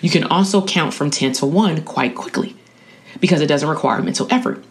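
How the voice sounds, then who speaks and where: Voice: medium pitch, normal speed. An educator giving a casual spoken lesson on coping skills, talking in a slangy, conversational way and often checking in with the listener. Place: at a college.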